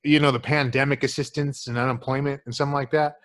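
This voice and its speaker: A man co-hosting a podcast, chatting crudely and swearing constantly as he tells animated stories. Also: mid-range voice, fast talker. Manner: profane, swears constantly, calls listener "dude"; animated storyteller, acts out quotes. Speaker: podcast co-host. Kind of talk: crude casual chat.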